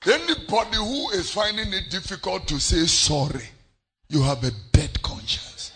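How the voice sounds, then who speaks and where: Ghanaian pastor man preaching hard, swoops all over in pitch, faint music behind. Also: lively intonation, moderate pace. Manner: impassioned, repeats phrases, bursts into shouts. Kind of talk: sermon.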